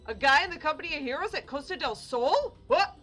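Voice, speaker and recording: Excitable high-voiced woman gaming. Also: fast. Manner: excitable, exclaiming and laughing at the game. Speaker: gamer playing on a channel. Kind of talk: casual let's-play commentary. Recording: faint game music behind.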